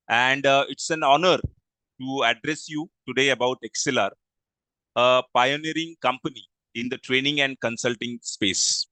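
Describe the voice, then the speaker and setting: A man hosting a live online training session on a video call, speaking politely and haltingly and thanking attendees. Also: medium pitch, bright, forceful tone, smooth, dry recording, poor audio. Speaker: webinar host and training manager. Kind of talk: live online class introduction. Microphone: video call microphone.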